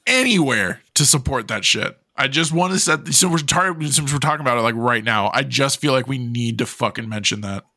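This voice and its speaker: Bright, blunt man swearing freely. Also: mid-range voice, brisk, hardly any pauses, dry recording. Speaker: podcast co-host. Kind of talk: casual movie podcast chat.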